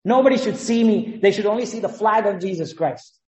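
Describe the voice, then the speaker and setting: A man's voice: high-pitched, a little fast, darkish tone, roomy sound, rough recording. A man, a pastor, preaching a sermon with emphatic rhetorical questions.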